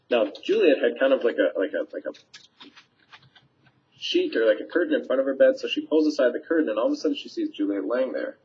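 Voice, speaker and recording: A man's voice: mid-range voice, lively intonation, moderate pace, creaky, long pauses. A man, a teacher, casually summarizing a play scene for students, paraphrasing lines with fillers, recorded on a webcam mic. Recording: dull lo-fi webcam audio.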